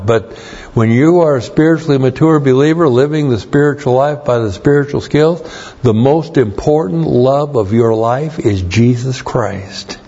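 Middle-aged preacher guy, slow emphatic sermon, voice a bit strained, muffled lo-fi recording. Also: medium pitch, mellow, breathy edge. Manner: slow, emphatic Bible teaching with repeated stresses. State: strained voice, coughing. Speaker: pastor.

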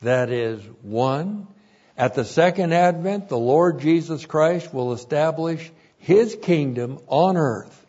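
A man preaching an expository sermon, slow and deliberate, repeating each point for emphasis. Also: on the high side, animated, mellow, husky, muffled recording.

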